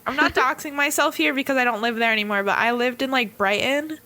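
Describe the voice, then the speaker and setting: A woman's voice: high-pitched, quick pace, bright, forceful tone. A woman co-hosting a casual podcast chat, giggling often and reading lines aloud in playful voices. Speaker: podcast co-host.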